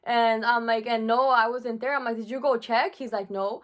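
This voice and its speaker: A woman's voice: a little high, steady tone, moderate pace, few pauses, a bit bright. A young woman vlogger telling a painful personal story from her school days, emotional, with many fillers.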